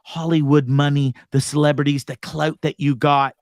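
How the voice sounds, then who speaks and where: A man's voice: a little high, level tone, normal speed, dry recording, clean studio sound. A man hosting a live talk show, ranting casually with lots of profanity. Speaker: host.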